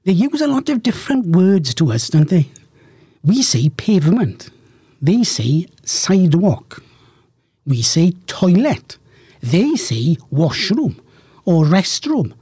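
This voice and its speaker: A man's voice: on the high side, dark tone, slightly rough, no room sound. A man presenting a live radio show in a studio, chatting jovially with rambling, self-mocking asides. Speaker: radio host. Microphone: studio microphone.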